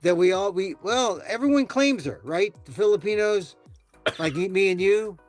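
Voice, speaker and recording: A man hosting a casual talk show, rambling and animated, with many restarts. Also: high-pitched, moderate pace, soft background music. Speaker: podcast host. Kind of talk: casual chat.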